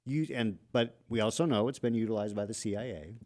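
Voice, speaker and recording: A man co-hosting a podcast in casual political chat, animated and quick in bursts. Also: lowish voice. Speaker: podcast co-host.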